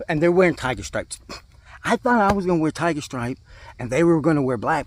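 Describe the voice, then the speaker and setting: A man narrating his airsoft mission outdoors in casual, rambling talk full of swearing and jokes, often dropping to a whisper. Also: noisy background. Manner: swears constantly, rambling and joking; often drops to a low whisper. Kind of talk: casual profane game narration. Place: outdoors in woods.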